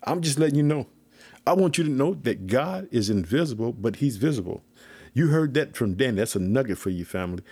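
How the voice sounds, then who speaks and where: A man's voice: mid-range voice, lively intonation, a little fast, darkish tone, slightly rough, no room sound. A man giving an informal sermon on scripture, emphatic and repetitive, calling his listeners family. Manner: emphatic, repeats himself, calls listeners "family". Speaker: preacher teaching scripture.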